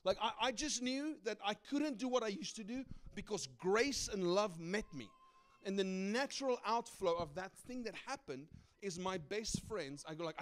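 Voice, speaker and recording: A middle-aged man preaches with a slightly raised pitch and an easy, conversational delivery. He tells personal stories and keeps checking in with his listeners by asking "right?", which makes the sermon feel like a talk among friends. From South Africa. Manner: animated, conversational, often asks "right?". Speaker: guest preacher.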